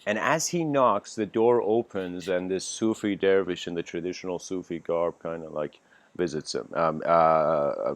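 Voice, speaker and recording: A man's voice: sits low, dry recording. A man giving a casual livestreamed spiritual lecture, telling a story in a rambling way with many fillers and restarts. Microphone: home livestream mic.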